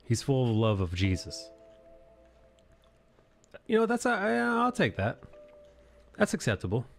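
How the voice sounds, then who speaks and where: A man's voice: mid-range voice, huge pitch swings, unhurried, gravelly, soft background music. A man hosting a live drawing stream, chatting casually with swearing and frequent laughs. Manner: joking, swears freely, laughs often. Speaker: stream host. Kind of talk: casual chat while drawing.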